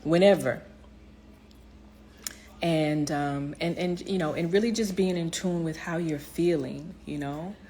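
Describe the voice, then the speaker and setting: A woman's voice: deep voice, measured pace, mellow, slight background noise. A woman giving a heartfelt motivational vlog talk, speaking straight to her viewers with many fillers and restarts. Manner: speaks directly to viewers, encouraging.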